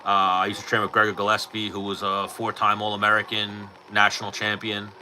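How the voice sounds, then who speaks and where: A middle-aged man hosting a casual livestream chat, telling fight stories in an animated way, swearing freely and acting out what people said, into his own mic. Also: lowish voice, brisk, a little hiss or hum, rough recording. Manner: animated storytelling, swears freely, acts out quotes. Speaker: livestream host. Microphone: personal mic.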